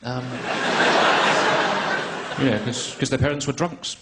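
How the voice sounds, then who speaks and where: A man's voice: medium pitch, very noisy. A man with a posh English accent performing a dry, self-mocking stand-up comedy set on stage. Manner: dry, self-mocking, drawn-out delivery with pauses for laughs. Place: comedy stage before a live audience.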